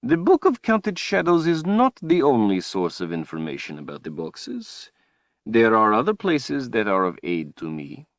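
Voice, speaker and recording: A man voicing a cruel, menacing male tyrant wizard in an audiobook, speaking slowly and tauntingly. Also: mid-range voice, wildly swooping pitch, no echo, pitched above the performer's own voice. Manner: slow, taunting, drawn-out delivery. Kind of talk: audiobook character voice.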